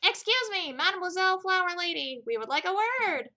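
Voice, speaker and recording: A woman's voice: high voice, lively intonation, fast talker, pushed and bright, faint music behind, full character voice. A woman voicing an eager young male sparrow sidekick with a blunt, keen manner.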